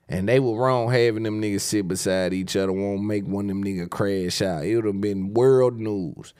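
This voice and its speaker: A man's voice: lowish voice, moderate pace, hardly any pauses, darkish tone, clear, resonant tone, no echo, studio quality. A man hosting a podcast in casual solo commentary, laid-back and slangy, rambling with repeated fillers. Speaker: podcast host.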